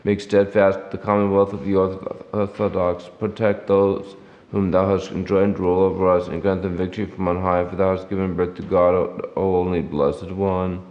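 Deep-voiced man reading prayers solemnly. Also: flat delivery. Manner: measured, solemn recitation. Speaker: reader at a church service. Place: church. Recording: lo-fi recording in an echoey church hall.

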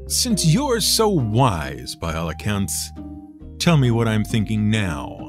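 Brief: vain, pompous folktale king, showy and lively, voiced by a man. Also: on the low side, slow, music in the background, full character voice.

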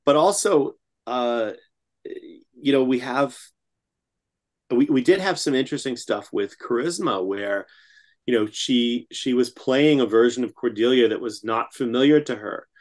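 Measured man, casual guest chat. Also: medium pitch. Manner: measured, with fillers. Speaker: guest writer.

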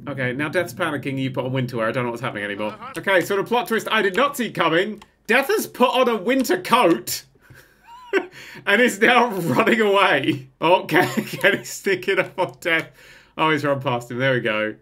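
A man talks over his gameplay with a bright, forward tone. His pitch swings widely from low mutters to high yelps. He is excitable and swears freely. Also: normal speed. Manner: excitable, swearing, bursts into laughter. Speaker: gaming channel host. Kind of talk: game commentary.

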